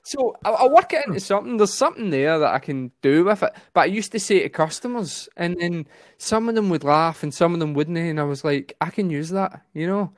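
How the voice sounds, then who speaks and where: A comedian in casual chat, talking very fast and laughing easily. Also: male voice, high-pitched, expressive, dry recording, studio quality.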